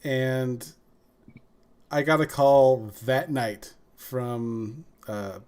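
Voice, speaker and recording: A man telling a story in casual podcast chat, animated and often laughing. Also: medium pitch, extremely slow. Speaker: podcast host.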